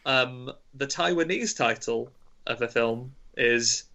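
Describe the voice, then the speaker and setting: A man with a bright, forceful voice hosts a horror quiz podcast, reading clues with playful teasing. The sound is dull and lo-fi, like home podcast audio. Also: medium pitch, slow, creaky. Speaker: quizmaster.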